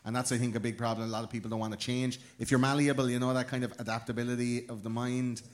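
A man's voice: mid-range voice, little pitch movement, fast talker. A man hosting a podcast, trading crude jokes and laughing in casual banter. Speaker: podcast host.

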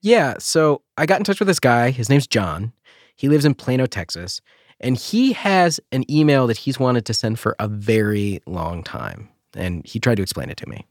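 A man's voice: medium pitch, very animated, normal speed, no room sound, studio quality. A man co-hosting a podcast, chatting and narrating a story in a playful, jokey way. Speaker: podcast host. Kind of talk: casual chat and narration.

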